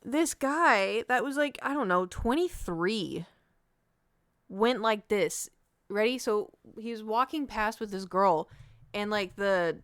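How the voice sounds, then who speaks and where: A woman's voice: medium pitch, slow, clear, resonant tone, no echo, studio quality. A woman streamer chatting casually and animatedly, hopping from one story to the next. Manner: chatty and animated, jumping between stories. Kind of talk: casual chat.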